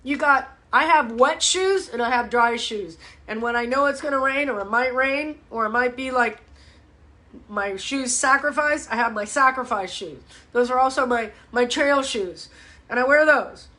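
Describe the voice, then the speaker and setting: A high, bright-toned woman coaching her viewers on a casual live stream. She talks bluntly and with fired-up energy, calls people out and swears freely. Her voice sits high and carries a bright, forceful edge. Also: normal speed. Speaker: fitness coach hosting a live ask-me-anything show. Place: home, speaking to a live audience online.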